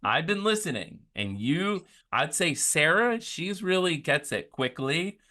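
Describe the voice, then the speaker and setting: A man's voice: on the high side, sing-song, measured pace, pushed and bright. A man chatting casually as a podcast guest, rambling with many "like" fillers. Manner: rambling, filler-heavy talk with lots of "like".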